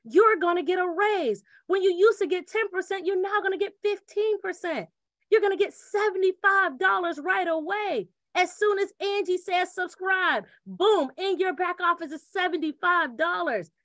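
A woman delivers a lively sales presentation in a very high, bright voice. The recording is dry and close. She acts out quick back-and-forth scenes and repeats her catchphrases. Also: no echo. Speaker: presenter pitching a referral program. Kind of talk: energetic sales pitch.

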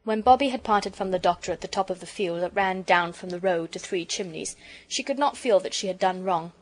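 A woman narrating a children's audiobook in a gentle, expressive storytelling manner. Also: lowish voice, brisk.

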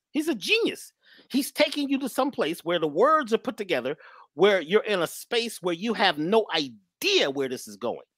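A spiritual speaker with a husky, fairly low voice gives an emphatic, preachy talk, often repeating her phrases. The recording is dry with clean studio sound.

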